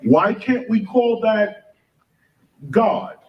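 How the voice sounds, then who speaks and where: A man with a high voice lectures an audience very slowly, firing questions at them and spelling out words letter by letter. He's heard from a distance in a large room, and the recording is muffled and roomy.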